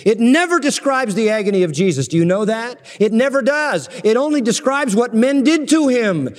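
A man's voice: high voice, animated, fairly quick, hardly any pauses, in a large hall. A man preaching an expository sermon, emphatic and repeating key phrases for weight.

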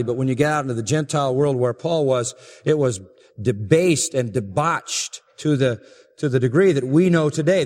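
A man preaching a sermon in an earnest, emphatic way that builds to forceful peaks. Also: mid-range voice, in a large hall.

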